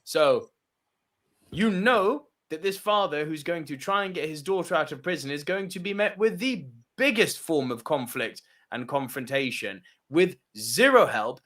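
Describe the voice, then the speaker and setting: A man from France co-hosts a laid-back movie chat. He talks in an animated, emphatic way, his pitch leaping around and sitting a little high. He swears often. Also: a little slow. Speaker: co-host of a movie podcast. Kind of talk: casual chat.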